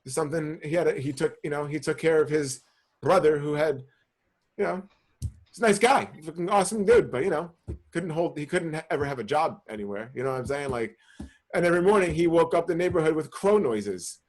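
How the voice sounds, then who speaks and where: A man's voice: fairly high pitch, brisk, darkish tone. A young man from the New York area telling a long profane story in casual podcast chat, full of restarts and "bro". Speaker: podcast co-host.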